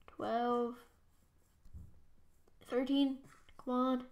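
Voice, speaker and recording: Excitable young woman gaming streamer. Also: sits high, drawn-out words, highs cut off. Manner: excitable, squeals and shouts at game events. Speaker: gaming YouTuber. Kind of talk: Minecraft let's play commentary.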